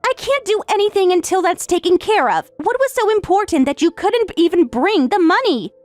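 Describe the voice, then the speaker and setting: A woman voicing an entitled young daughter who is about to marry, speaking in a shrill, indignant way. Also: expressive, moderate pace, no room sound, faint music behind.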